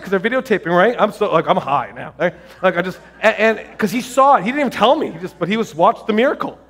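A male pastor preaching a sermon, telling stories with excitement and lots of restarts and fillers. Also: high voice, fast talker, few pauses.

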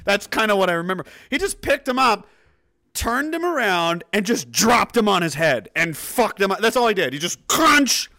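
A man in his thirties from New Brunswick talks casually to his stream chat in a bright, forceful voice. He rambles through a profane story, restarting his sentences again and again, and his pitch swings widely. The sound is close and dry, with no room echo. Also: very animated, moderate pace.

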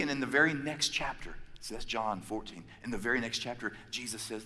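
A man preaching a sermon, emphatic, building his points with repeated phrases and pauses. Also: medium pitch, sharp tone. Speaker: pastor. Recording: long reverb of a large hall.

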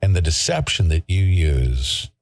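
A man's voice: low voice, sing-song, unhurried, dry recording. A man hosting a talk show, delivering heated, preachy commentary that repeats itself and includes mild swearing. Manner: emphatic, preachy, repeats himself and swears mildly. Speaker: show host.

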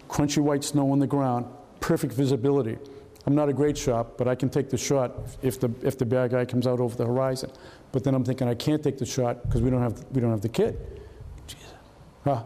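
A man in his seventies from Massachusetts tells war stories from his career to an audience. His voice is mellow and relaxed, and it carries a long reverb, as if he is speaking in a large hall. He talks casually, restarting and repeating words and voicing the people in his tales. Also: mid-range voice. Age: 70s. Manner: conversational, repeats words, acts out dialogue. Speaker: retired FBI agent giving a talk. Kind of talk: storytelling lecture with slides.

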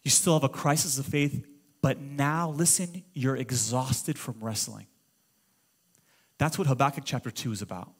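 A middle-aged man preaching a sermon as pastor, impassioned and conversational, at times shouting. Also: mid-range voice, normal speed, slightly rough. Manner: impassioned preaching, swings to shouting when quoting prayers.

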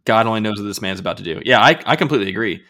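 A man's voice: lowish voice, lively intonation, rapid-fire, pushed and bright. A man co-hosting a podcast, chatting casually in a laid-back way and laughing often. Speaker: podcast co-host. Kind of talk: casual chat.

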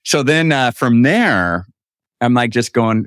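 A middle-aged man telling a story as a podcast guest, acting out quoted dialogue with lively voices. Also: mid-range voice, takes it slowly, smooth, dry recording, studio quality.

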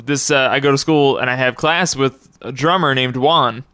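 Bright, clear-voiced young man hosting. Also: mid-range voice, dry recording. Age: young adult. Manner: rambling, laughs often, quick quotes. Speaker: podcast host. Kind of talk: casual podcast chat.

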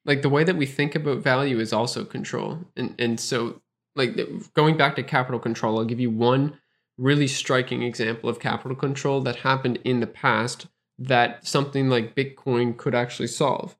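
A man with a Canadian accent, co-hosting a podcast and explaining ideas in a relaxed, casual way with examples, laughing easily. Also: mid-range voice, normal speed. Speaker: podcast co-host.

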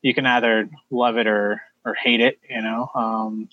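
A man hosting a podcast, asking questions in a relaxed, hesitant way with fillers. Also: mid-range voice, unhurried, no echo, dull audio. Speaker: podcast host. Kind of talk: casual interview chat.

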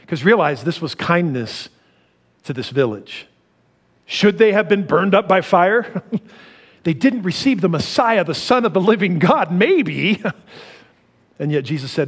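A middle-aged man preaching a sermon, animated, laughing often and swinging from loud to soft. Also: sits high, a little slow, long pauses, husky. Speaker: pastor.

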